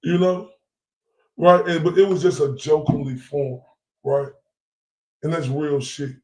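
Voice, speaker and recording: A man speaking rants to his followers in a heated, profane vlog monologue. His voice sits a bit higher than most men's, and he keeps circling back with "right?" and repeated phrases. The room around him rings with echo. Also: fairly even intonation, measured pace, darkish tone. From Dallas area. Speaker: vlogger.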